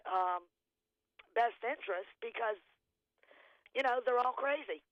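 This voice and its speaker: A woman's voice: a little high, a little slow, a bit bright, no room sound. Woman, radio caller, blunt, emphatic, muffled phone line. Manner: blunt, emphatic, laughs while talking. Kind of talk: call-in radio chat. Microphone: telephone.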